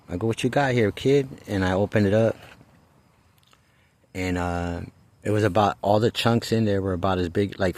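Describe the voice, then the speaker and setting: Deep-voiced man telling a rambling story. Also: no echo. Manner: rambling, halting, swears freely. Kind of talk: casual personal storytelling.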